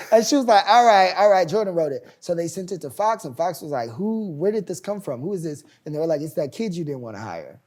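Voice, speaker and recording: A young man in his twenties tells his story in a relaxed interview. He acts out the people he quotes, jumping far up in pitch and volume for their lines. His telling is lively and full of expression. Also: brisk. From United States. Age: 20s. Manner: animated, acts out quoted voices loudly. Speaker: playwright and showrunner guest.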